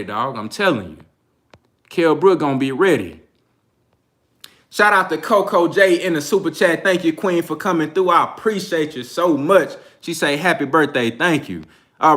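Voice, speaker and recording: Bright high-voiced Texan man, slangy. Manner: loose, slangy, laughs often. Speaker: boxing channel host. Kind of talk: casual livestream commentary.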